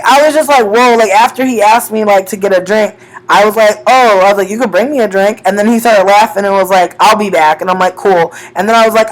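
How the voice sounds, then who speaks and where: A woman's voice: mid-range voice, low-quality recording. A young woman tells stories from reading tarot on the street in a loose, casual vlog. She swears freely and slips into each person's lines as she retells them, playing both sides of the exchange. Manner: profane, animated, acts out both sides of conversations.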